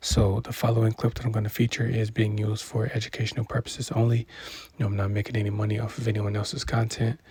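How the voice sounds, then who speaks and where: A man hosting reaction commentary, rambling and filling every pause with "you know". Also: fairly low pitch, monotone, a little mellow, breathy edge. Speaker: commentary channel host.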